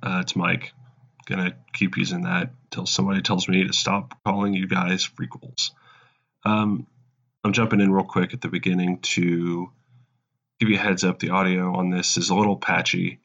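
A man with a low, gravelly, husky voice runs a casual comedy podcast chat in a dry, deadpan way. His voice comes through a dull, lo-fi headset recording. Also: normal speed. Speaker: podcast co-host. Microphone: headset mic. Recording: dull lo-fi sound.

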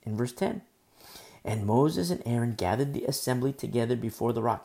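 A male pastor preaching a Bible-study sermon, his voice gravelly with a lot of fry. His pitch swings widely as he stresses words. He repeats key phrases to drive the point home. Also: animated, moderate pace, dark tone.

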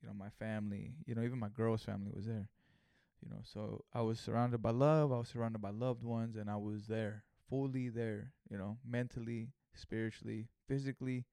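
A man's voice: fairly low pitch, fairly even intonation, fairly quick, creaky, mellow, no room sound, clean studio sound. A man in his thirties from California, telling a casual story in a slangy, profane, rambling way full of "you know" and "right?" asides. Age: 30s. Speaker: vlogger.

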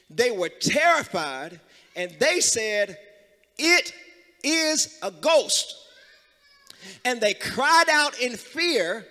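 A man pastor preaching a sermon, calling the congregation to repeat after him and building to loud, emphatic passages. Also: very high voice, long reverb tail. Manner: call-and-response preaching, rising to loud emphasis. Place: church sanctuary.

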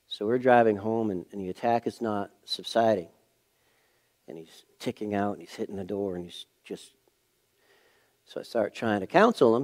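Speaking at a normal speed with a fairly low pitch, a middle-aged male pastor tells a personal story during a church sermon. He moves between quiet, hushed moments and loud, emphatic ones.

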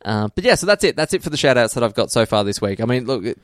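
An Australian man co-hosting a podcast, chatting casually, laughing often and reading out listener shout-outs. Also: mid-range voice, big pitch swings, very fast, no room sound, clean studio sound. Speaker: podcast co-host.

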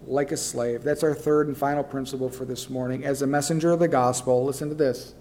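A man preaching a sermon as pastor, repeating key phrases and swinging between soft low asides and loud rising calls. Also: steady tone, brisk, a little hiss or hum.

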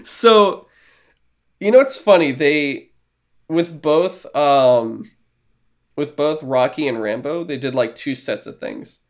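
A man's voice: on the high side, slow pace, pauses often. A man co-hosting a podcast in casual chat, rambling and joking with casual swearing. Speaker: podcast co-host.

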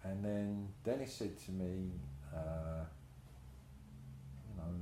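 A man's voice: low-pitched, takes it slowly, background noise. An older man, a tattoo artist telling anecdotes in a casual interview, swearing freely and acting out what people said. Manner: swears freely, animated anecdotes with acted-out quotes. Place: room in his tattoo shop. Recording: roomy echoey room.

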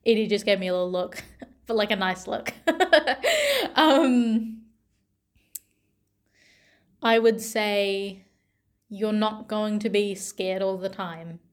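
A young woman talking gently and tenderly to her younger self, with pauses and soft laughs. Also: medium pitch. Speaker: vlogger.

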